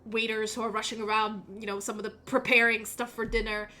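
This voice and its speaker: Bright-voiced woman game master. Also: on the high side, level tone, a little fast. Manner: chatty, rambling, many fillers and restarts. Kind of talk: narrating a tabletop game on stream.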